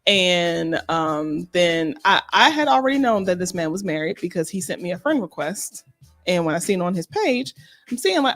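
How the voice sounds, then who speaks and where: A woman's voice: lowish voice, normal speed. A woman co-hosting a casual chat show, telling a personal story and acting out both sides of the dialogue. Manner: animated, acts out dialogue in voices. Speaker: podcast co-host.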